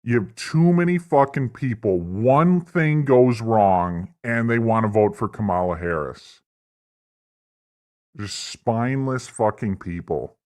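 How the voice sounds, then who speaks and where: Male stream host, slow-paced and mid-pitched, with a rambling, profane, mock-earnest rant delivery. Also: animated, a little mellow. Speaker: livestream host. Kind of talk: satirical political stream rant.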